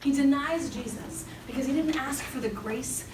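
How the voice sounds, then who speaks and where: A young woman giving an animated Bible talk as a youth speaker, storytelling with lively acted-out quotes. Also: high voice, moderate pace. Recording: echoey hall from far off with background noise.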